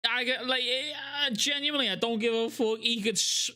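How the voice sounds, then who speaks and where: A young man reacting to a video with loud, profane, excitable banter. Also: very high-pitched, normal speed. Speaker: YouTube reaction host.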